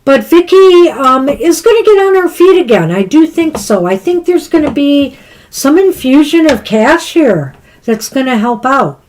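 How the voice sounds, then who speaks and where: Chatty woman tarot reader, slightly hoarse. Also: high-pitched, sing-song, a little slow, darkish tone. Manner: chatty, laughing, loses her train of thought. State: losing her voice, with a headache. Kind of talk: casual live-stream chat.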